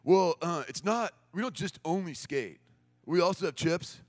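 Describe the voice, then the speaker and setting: A man's voice: high-pitched, lively intonation, moderate pace, big-room sound, soft background music. A man voicing a laid-back young male skate camp worker, drawling and easygoing.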